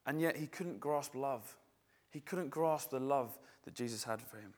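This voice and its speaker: A man's voice: medium pitch, moderate pace. A male preacher giving a conversational, reflective sermon, often restarting his phrases.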